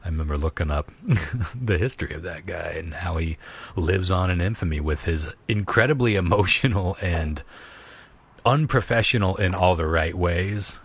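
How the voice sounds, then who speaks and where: A man's voice: low-pitched, normal speed, husky. A man hosting a casual podcast chat, laughing often and swearing freely as he riffs. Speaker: podcast host.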